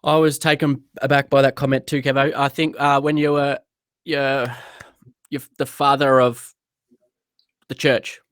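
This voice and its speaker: A man from Australia hosting a live-streamed interview, earnest and halting with fillers. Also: mid-range voice, little pitch movement, a bit bright, clean tone, dry recording. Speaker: podcast host.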